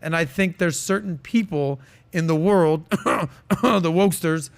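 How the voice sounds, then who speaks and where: A man hosting a podcast, talking in a casual, emphatic way and pressing his opinions hard. His voice sits a little high for a man, with frequent ums and uhs between points. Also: measured pace, clear, resonant tone. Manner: emphatic, opinionated, many fillers. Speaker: podcast host.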